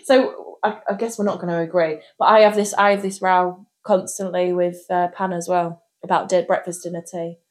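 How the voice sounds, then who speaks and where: A woman's voice: on the low side, steady tone, normal speed, few pauses. A woman co-hosts a podcast in loose, casual chat. She laughs often and swears freely as she talks. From northern England. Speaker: podcast co-host.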